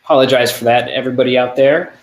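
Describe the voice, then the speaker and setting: A man's voice: mid-range voice, steady tone, quick pace. A man hosting a live online arts event, talking casually with many fillers and apologies. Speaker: event host. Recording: echoey room.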